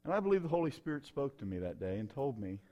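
A man's voice: mid-range voice, big pitch swings, quick pace, highs cut off. Folksy preacher man. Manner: folksy, emphatic storytelling with sudden loud bursts. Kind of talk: sermon testimony.

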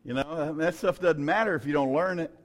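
A male pastor preaching a sermon, moving between quiet storytelling and loud, shouted preaching. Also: fairly high pitch, brisk.

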